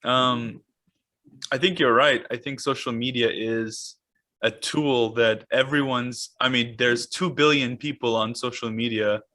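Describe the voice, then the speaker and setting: Bright-voiced male interviewer. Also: medium pitch, fairly even intonation, unhurried. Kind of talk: casual interview chat.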